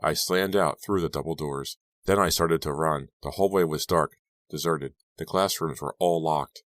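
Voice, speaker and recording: A man's voice: very deep voice, moderate pace, fairly bright tone, no room sound. A man reading an audiobook aloud as tense first-person storytelling. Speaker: audiobook narrator. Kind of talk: scripted audiobook narration.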